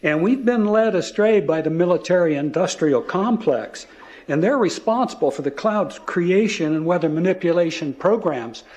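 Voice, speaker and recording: A man's voice: high voice, expressive, normal speed, a little mellow, dull audio. A man earnestly giving testimony and warning of danger. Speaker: testimony speaker.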